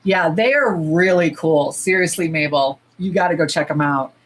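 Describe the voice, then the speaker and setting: A middle-aged woman hosting a casual livestream. She talks bluntly with plenty of swearing and sometimes breaks into loud squeals. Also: sits low, moderate pace, low-quality recording. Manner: blunt, profane and animated, jumping to loud squeals. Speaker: nail polish livestream host. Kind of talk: casual livestream chat while swatching.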